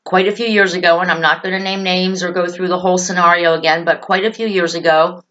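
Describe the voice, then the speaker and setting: A woman host talks earnestly to parents and children, leaning on key phrases and repeating them for reassurance. Her voice sits on the low side. The recording is muffled and lo-fi. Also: steady tone, fast talker, fairly bright tone.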